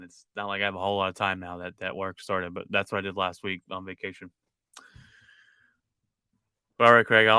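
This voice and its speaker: A man co-hosting a sports podcast, telling stories in an animated, chatty way. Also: on the low side, smooth, dry recording. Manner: animated storytelling. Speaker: podcast co-host. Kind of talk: casual chat.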